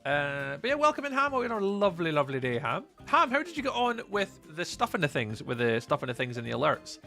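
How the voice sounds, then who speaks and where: A man's voice: a little high, very animated, quick pace, vocal fry, bright, forceful tone, faint music behind. A man from Scotland with a Scottish accent, streaming a game live and chatting easily with viewers, greeting and thanking them by name as he reads their messages aloud.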